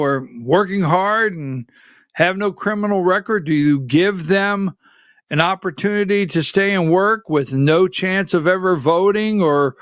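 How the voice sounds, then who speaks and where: A man's voice: fairly high pitch, a bit bright, smooth, no echo, studio quality. A man hosting a live political talk show, speaking conversationally and firing off rhetorical questions at his listeners.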